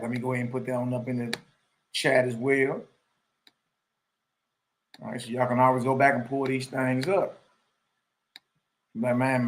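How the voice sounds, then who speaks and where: A man's voice: medium pitch, fairly bright tone. A man hosting a live stream, chatting casually and reading a document aloud with loose asides.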